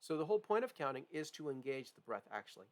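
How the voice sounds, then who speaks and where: A man's voice: a little high, big pitch swings, quick pace. A man teaching a music lesson, explaining with frequent "right?" and "okay?" check-ins. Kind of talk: piano lesson demonstration.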